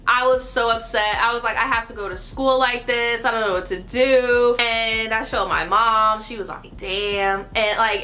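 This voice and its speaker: A woman's voice: on the high side, bright, forceful tone. A young woman telling a casual storytime vlog, chatty and loose, full of "like" and swearing. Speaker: vlogger.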